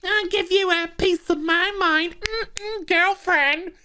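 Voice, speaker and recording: A catty, theatrical male engineer, put on by a man in a shrill, squealing falsetto that jumps far above the speaker's own voice. It sounds a little distant from the mic and is swooping and sing-song. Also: fairly even intonation, slow, bright, forceful tone, exaggerated voice. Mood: mocking. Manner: shrill, mocking falsetto parody.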